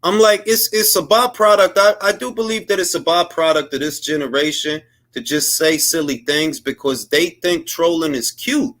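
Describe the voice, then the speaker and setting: A man's voice: on the high side, normal speed, few pauses, fairly bright tone. Blunt, heated man with slangy talk. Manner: blunt, heated, slangy, mocks others in put-on quotes. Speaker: boxing commentary host. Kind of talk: opinionated solo commentary.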